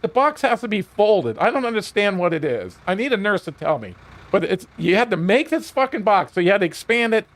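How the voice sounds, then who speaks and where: A man streaming a video game while telling a heated, profane story, often laughing. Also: high voice.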